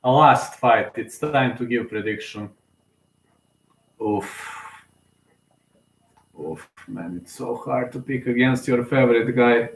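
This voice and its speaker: A man commentates on fights in a casual, unscripted way. He sounds emotional and hesitant, reasoning aloud as he goes. His mid-pitched voice rings in an echoey room. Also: takes it slowly, gravelly, long pauses, slight background noise. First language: Serbian.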